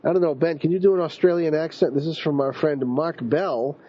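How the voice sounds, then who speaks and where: A man's voice: a little high, brisk, a little hiss or hum. Male host, casual rambling delivery, dull radio recording. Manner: rambling, with frequent ums and restarts.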